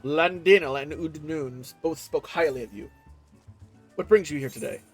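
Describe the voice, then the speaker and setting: A man's voice: on the high side, moderate pace, slightly rough, faint music behind, poor audio. A man reading aloud the lines of a dignified older sea captain in a game, using formal, old-fashioned phrasing. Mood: earnest.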